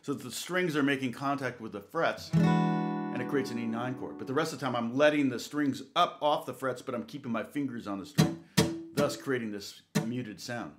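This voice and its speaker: A man's voice: medium pitch, moderate pace. Chatty man teaching guitar live. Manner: rambling, chatty, counts beats aloud. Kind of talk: casual live guitar lesson. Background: guitar playing between talk.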